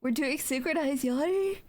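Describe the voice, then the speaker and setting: A young adult woman streaming from home, chatting playfully with her chat in a rambling, filler-heavy way between yawns. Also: fairly high pitch. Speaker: Twitch streamer. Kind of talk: casual live-stream chat, reading chat aloud.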